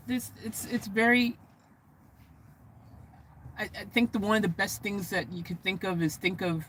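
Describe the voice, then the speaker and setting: A man's voice: on the high side, slight background noise, poor audio. An American man vlogging from vanlife, chatting casually to camera in a meandering, self-correcting way. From United States. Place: living in a vehicle.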